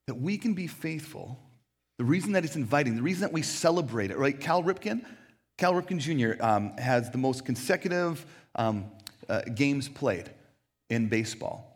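A man in his thirties preaching a sermon in an animated, joking, self-deprecating way. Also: mid-range voice, husky. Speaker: pastor.

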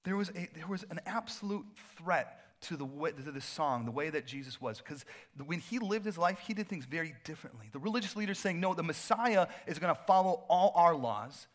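A middle-aged pastor preaching a sermon in a loose, conversational way, full of fillers and asides. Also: male voice, a little high, animated, brisk, fairly bright tone.

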